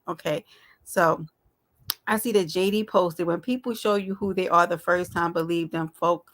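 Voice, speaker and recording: A woman's voice: lowish voice, a bit bright. A woman hosting a casual live stream, talking straight to her viewers in a chatty, affectionate way. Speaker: livestream host.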